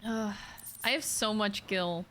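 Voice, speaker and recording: A woman's voice: mid-range voice, slow, fairly bright tone, a little hiss or hum. A young adult woman streaming a game, chatting casually and self-consciously with lots of giggling. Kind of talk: casual gameplay commentary.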